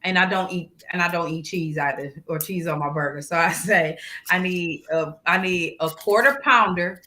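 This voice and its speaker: Bright-voiced woman telling a story. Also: fairly low pitch, moderate pace. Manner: animated, laughing, swears freely. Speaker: co-host. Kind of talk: casual chat with storytelling.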